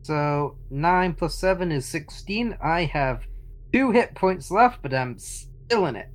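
A tabletop game player talks in a mid-range voice. The delivery is low-key, with asides trailing off into mutters. The pace stays casual and unhurried. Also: lively intonation.

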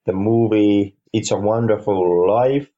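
A man co-hosting a podcast, reviewing a film in casual chat, halting and repeating words, with dry dark humor. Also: on the low side, muffled recording. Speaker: podcast co-host.

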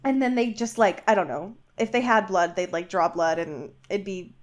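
A woman co-hosting a casual chat podcast, retelling a book with laughter and quick voices for the characters. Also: medium pitch. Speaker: podcast co-host recapping a book.

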